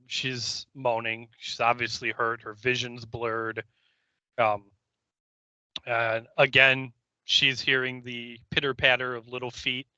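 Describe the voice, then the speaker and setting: A man co-hosting a podcast who speaks slowly and steadily, with dry asides. His tone is very bright and forceful. The recording is dry and close. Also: mid-range voice, clear, resonant tone, dry recording, low-quality recording. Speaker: podcast co-host. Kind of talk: casual recap chat.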